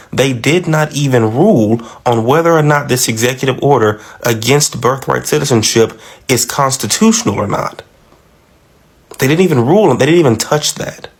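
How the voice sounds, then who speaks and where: A man talks straight to his phone camera in an even middle pitch. He explains with emphasis and comes back to the same points over and over. His commentary sounds steady and insistent. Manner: emphatic, repeats key points. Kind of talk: explanatory social media commentary.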